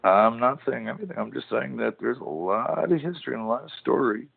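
A man's voice: fairly low pitch, creaky. A man in his forties hosting a casual podcast, telling rambling, profane, joking stories over a tinny phone-like line. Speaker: podcast host, former wrestler.

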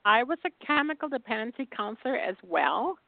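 A woman hosting a casual interview, enthusiastic and quick to answer with wows. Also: on the high side, big pitch swings, gravelly, dry recording. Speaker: podcast host. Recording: tinny phone-like line, dry.

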